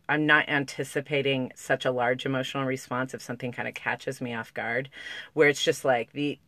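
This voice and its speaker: A woman's voice: extremely low pitch, a bit bright, no echo. Emotional woman vlogging to camera, close to tears, rambly with likes and restarts, pretty dry close sound. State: on the verge of tears. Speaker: parenting vlogger. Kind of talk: casual talk to camera.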